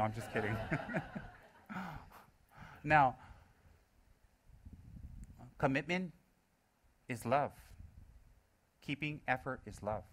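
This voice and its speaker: A man with a lowish, slightly bright voice teaches Buddhism live to an audience. He likes rhetorical questions and repeated key phrases, and he teases his listeners in a playful way between points.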